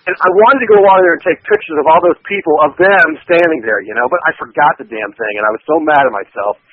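A man's voice: fairly high pitch, quick pace, breathy edge, no echo, narrow, tinny audio. A man co-hosting a casual radio chat, talking in a rambling, hesitant way with many fillers.

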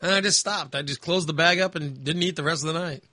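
A man's voice: a little high, quick pace, pushed and bright, no echo. A man chatting casually as host, rambling with lots of fillers and restarts. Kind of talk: casual chat.

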